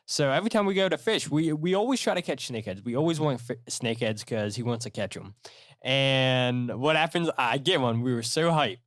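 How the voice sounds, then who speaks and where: A male podcast host talks on his own, rambling through animated stories with lots of fillers and restarts. His voice is medium in pitch and fairly quick, recorded at studio quality with no room sound.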